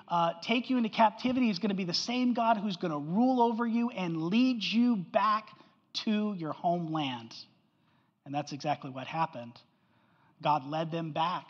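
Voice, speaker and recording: Pastor preaching in a reverberant hall. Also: male voice, sits high, a bit bright, highs cut off. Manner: conversational preaching, keeps asking "right?". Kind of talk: sermon.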